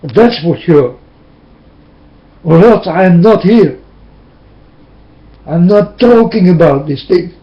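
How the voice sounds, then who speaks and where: A high-voiced man whose first language is Dutch pleads slowly and with emotion, his talk drifting into preaching. He speaks into a webcam, and the sound comes through dull and lo-fi. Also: expressive. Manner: impassioned, tearful, repetitive preaching. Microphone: webcam mic.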